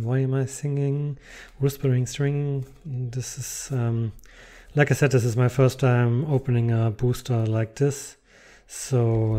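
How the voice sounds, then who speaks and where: A man's voice: medium pitch, dark tone. A man casually commenting while unboxing trading cards, reading card text aloud between muttered asides.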